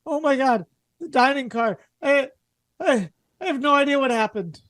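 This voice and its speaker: A man's voice: extremely high pitch, expressive, normal speed, fairly bright tone, dry recording, clean studio sound, voice pushed up. A man voicing a panicked, whimpering train passenger who stammers through the tears in a tabletop horror game. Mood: shaken, pleading.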